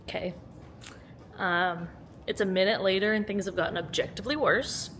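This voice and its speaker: A woman's voice: mid-range voice, steady tone, moderate pace, a bit bright, slight background noise. Chatty, joking woman vlogging at home. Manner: chatty and joking, laughs often, swears casually. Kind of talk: casual vlog chat. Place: at home during a storm.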